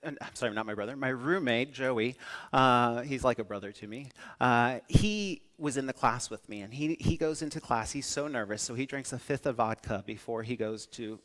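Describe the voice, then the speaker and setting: Animated male keynote speaker. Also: mid-range voice, moderate pace. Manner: animated storytelling with acted-out quotes. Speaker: public speaker. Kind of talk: keynote talk.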